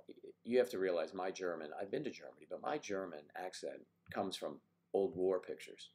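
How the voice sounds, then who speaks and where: A low-pitched older man chats casually on a live stream and answers viewers one by one. He clears his throat a lot and restarts his sentences. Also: lively intonation, a little mellow. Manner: chatty, halting, frequent throat-clearing.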